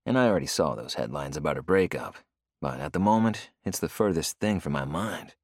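Deep-voiced young male narrator, lively swings, dry close studio sound. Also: fairly quick, no echo. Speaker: audiobook narrator. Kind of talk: first-person novel narration.

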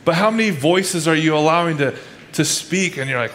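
A man's voice: fairly high pitch, lively intonation, fairly quick, fairly bright tone, slight background noise. A male pastor giving a casual, conversational sermon, often restarting his sentences and acting out people's inner thoughts in quoted asides. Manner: conversational preaching with frequent restarts.

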